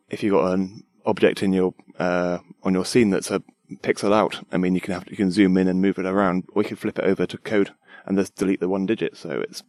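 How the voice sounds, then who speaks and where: A man's voice: deep voice, a little mellow, no echo. A young man, a designer, chatting eagerly about his work in a rambling way with fillers. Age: young adult. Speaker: designer guest. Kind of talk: casual tech chat.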